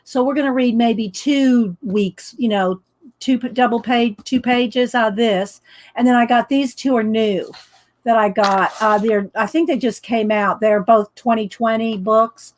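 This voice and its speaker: Her voice is a little high, with fairly even intonation and a measured pace. She's an art livestream host from the American South, chatting casually through a morning stream in her open-windowed home studio, greeting viewers by name and laughing often.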